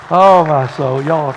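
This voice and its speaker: A man's voice: fairly high pitch, a little hiss or hum. A man preaching a sermon as pastor, folksy and joking, with lots of fillers. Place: church sanctuary. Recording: dull sound with long hall reverb.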